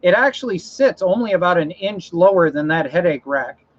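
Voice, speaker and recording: A man with a high, expressive voice speaks at a moderate pace while hosting a casual livestream. He rambles about trucks and mowers, reads out viewer comments, and corrects himself along the way, all in dull lo-fi stream audio.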